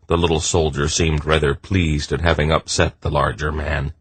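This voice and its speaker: A man reads a fantasy audiobook at a slow, measured pace. His voice is very deep with a husky grain and a bright, forward edge. The recording is dry and close. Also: little pitch movement, no room sound. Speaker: audiobook narrator. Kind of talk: scripted narration.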